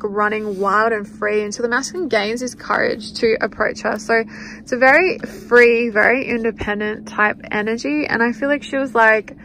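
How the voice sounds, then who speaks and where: A woman's voice: fairly high pitch, a bit bright, a little hiss or hum, rough recording. Chatty woman giving a card reading. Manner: chatty, speaks in quoted inner voices. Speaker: tarot card reader. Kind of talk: spiritual card reading monologue.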